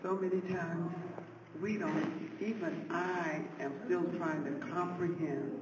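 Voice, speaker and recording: Man sharing in church class, very slow and reflective, heard from far off in an echoey hall. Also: a little high, fairly even intonation. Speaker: class participant. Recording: distant mic in echoey hall, noisy.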